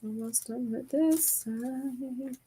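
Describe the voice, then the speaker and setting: A woman's voice: high voice, takes it slowly, dark tone, slight background noise. A young adult woman, the host's stepdaughter, chatting easily and muttering to herself as she works on a craft. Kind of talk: casual chat while crafting.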